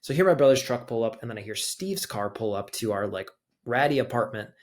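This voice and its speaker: In an animated, brisk, medium-pitched voice, a young man on a podcast as a guest recounts something personal. He keeps it loose and conversational, leaning heavily on the filler "like."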